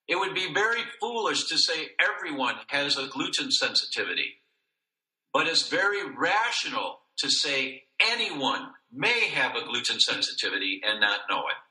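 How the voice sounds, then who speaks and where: A man's voice: sing-song, moderate pace, pushed and bright. A man telling a personal story as a podcast guest, earnest and acting out each voice in the dialogue. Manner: earnest, acts out the dialogue, rises and falls in pitch. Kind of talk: emotional storytelling in an interview. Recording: echoey room.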